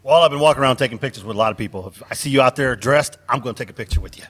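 A middle-aged man with a husky voice, telling jokey stories in casual banter at a convention. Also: mid-range voice, rapid-fire. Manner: jokey, animated storyteller. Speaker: convention guest voice actor. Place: busy convention floor.

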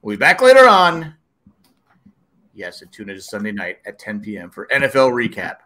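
Guy cohosting a podcast, bright voice, bouncy lively pitch, jokey and loose. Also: moderate pace. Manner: jokey, wraps up the show with plugs. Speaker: podcast co-host. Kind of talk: casual banter.

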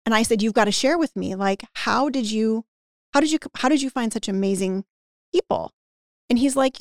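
A woman with a gravelly, creaky edge to her voice tells a story on a podcast in a relaxed conversational way. She acts out the other person's lines as she goes and fills her sentences with "like". The sound is close and dry, with almost no room echo. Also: fairly high pitch, moderate pace. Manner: animated anecdote-telling with acted-out quotes and frequent "like". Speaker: podcast guest who teaches business owners about hiring and team culture.

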